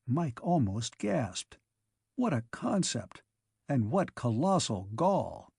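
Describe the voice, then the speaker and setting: A man narrating a science fiction audiobook in a measured, even storytelling manner. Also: medium pitch, creaky, breathy edge, no room sound, clean studio sound.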